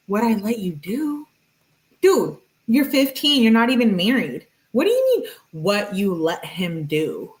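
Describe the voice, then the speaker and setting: A woman's voice: mid-range voice, big pitch swings, a little slow. A woman hosting a true-crime video, giving casual and blunt commentary. She swears freely and drops Spanish words into her speech. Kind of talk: casual commentary reading out text messages.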